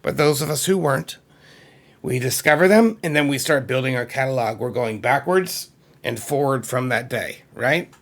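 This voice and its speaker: Talking at normal speed in a medium-pitched voice, a middle-aged man from Massachusetts casually tells the camera about his music collection. His excited, wandering chat is full of asides to the audience.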